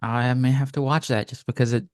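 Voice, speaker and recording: A man's voice: medium pitch, level tone, brisk, a little mellow, dry recording, clean studio sound. A man from Louisiana co-hosting a podcast in casual, teasing chat. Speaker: podcast co-host.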